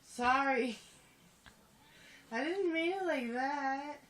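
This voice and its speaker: Tired high-voiced young woman, rambling. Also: very slow, a bit bright. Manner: drowsy, rambling, bursts into giddy laughing fits. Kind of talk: casual home video chat. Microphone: phone.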